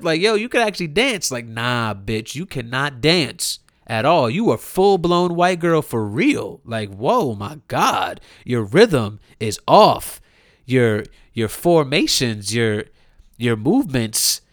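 A young man ranting profanely in a comedic way, mocking and heated, jumping between loud outbursts and muttered asides. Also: medium pitch, dry recording, clean studio sound. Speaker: commentator.

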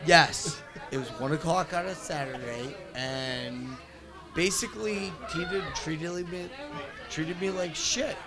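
High-voiced swearing man, mock-outraged. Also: slow pace, a loud crowd. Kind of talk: bantering live show chat.

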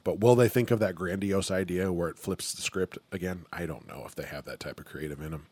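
A man talking casually and excitedly on a podcast, swearing often as he gets worked up. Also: deep voice, brisk, no echo. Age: adult, remembers childhood. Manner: animated, profane, gets excited.

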